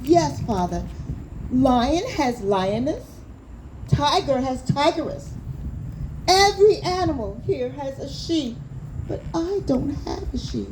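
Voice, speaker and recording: A woman voices an eager young man pleading with his father, earnest and a little wide-eyed. The lines come slowly and sit fairly high. Steady background noise runs under the live recording.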